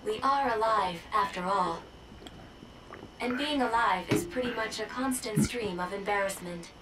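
A woman voicing a calm female robot support pod in a video game, speaking in an even, formal, measured way. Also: medium pitch, natural voice. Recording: game audio with steady noise.

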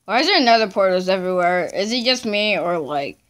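This gameplay channel host has an animated, slightly bright mid-range voice and a slightly quick delivery. Chatting casually over her own gameplay and talking to herself, she bursts into screams whenever she fails.

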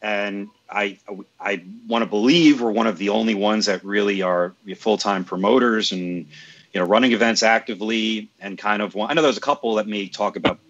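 A man speaking as a wrestling promoter in a casual podcast chat, relaxed and searching for words. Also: fairly low pitch, normal speed. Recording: dull lo-fi audio with background noise.

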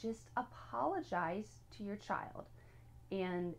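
A woman talks through a parenting lesson in an easygoing, conversational way. She is earnest and direct, and she owns up to her mistakes as she goes. Her voice sits at a medium pitch. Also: expressive, slow, vocal fry. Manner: earnest and direct, gives homework, admits own slips. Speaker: parenting teacher. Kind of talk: casual spoken lesson.

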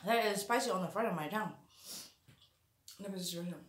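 A woman's voice: mid-range voice, fast talker, echoey room. A woman chatting theatrically while eating spicy food, sometimes talking with her mouth full. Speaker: YouTuber. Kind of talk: casual eating vlog chat.

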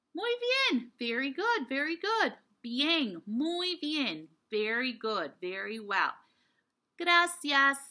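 A woman teaching a children's lesson, speaking slowly in a sing-song voice, repeating every phrase and singing simple songs. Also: medium pitch, sharp tone. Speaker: Spanish teacher for young children.

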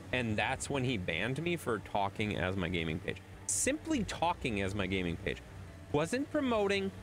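Male streamer, casual chat to viewers, rambling and teasing, very animated delivery. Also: medium pitch. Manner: chatty, teasing, rambling with restarts. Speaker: livestreamer.

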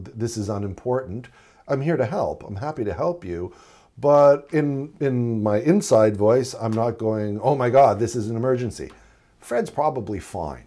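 A man's voice: mid-range voice, dark tone. A middle-aged man teaching a recorded paramedic lesson in a conversational way, acting out short exchanges with patients. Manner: conversational, acts out patient dialogue. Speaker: paramedic instructor.

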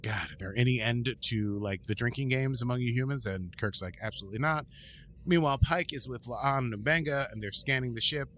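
A man's voice: medium pitch, a bit bright. A man hosting a podcast, giving a casual, rambling episode recap with asides. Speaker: podcast host.

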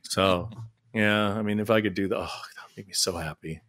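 A middle-aged man chatting as a podcast guest, telling lively stories with frequent laughs and restarts. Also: lowish voice, brisk. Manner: animated storyteller, laughs often, restarts sentences. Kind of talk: casual interview chat.

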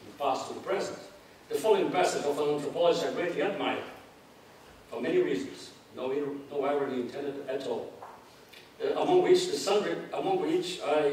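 Male lecturer, mid-range voice, measured academic delivery, heard from a distance in a reverberant hall with faint hiss. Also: a little high, a little mellow. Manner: measured, reads quotations aloud with spoken asides. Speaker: anthropology lecturer.

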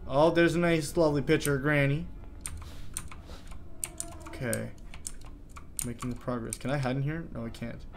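A man's voice: mid-range voice, fairly even intonation. Guy playing a scary game, nervous chatter to himself, faint music underneath. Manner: jittery, chattering to himself, quick to panic. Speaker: gaming YouTuber. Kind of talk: horror game commentary.

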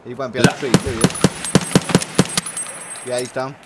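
A man chatting while gaming, sweary and excitable, on a headset mic. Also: medium pitch, moderate pace. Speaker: gamer. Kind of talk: casual gaming chat. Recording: loud gunfire noise. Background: loud game gunfire.

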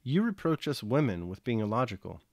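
A man voicing a gentle, anxious young mother and countess in a novel reading, speaking timidly and softly. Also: medium pitch, sing-song, fairly quick, dry recording, studio quality. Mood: fond. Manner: timid, soft-spoken.

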